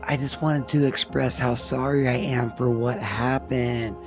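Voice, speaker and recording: A man's voice: mid-range voice, steady tone, a little slow, music in the background, natural voice. A man voicing a polite, anxious female teacher pleading to see a child.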